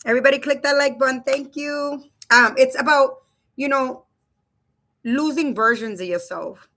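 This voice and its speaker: Bright-voiced woman chatting to stream viewers. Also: sits high, normal speed. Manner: chatty, loose, addresses viewers as "you guys". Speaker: live stream host. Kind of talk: casual live stream talk. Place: home room. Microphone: webcam.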